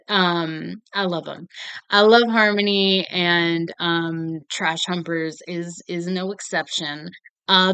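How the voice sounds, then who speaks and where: A young woman chats about her favorite films, gushing and cursing freely with frequent laughs. Her voice is bright and forceful. The sound is dry and close, with no room around it. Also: on the low side, clear, resonant tone, no echo. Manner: gushing, swearing, laughing often. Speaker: film reviewer. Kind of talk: casual movie talk to camera.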